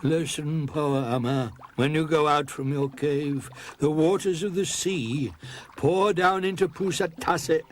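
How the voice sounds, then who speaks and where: A man's voice: fairly high pitch, unhurried, slight background noise, close to an everyday voice. A man voicing an old, wise, commanding magician in a storybook. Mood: stern.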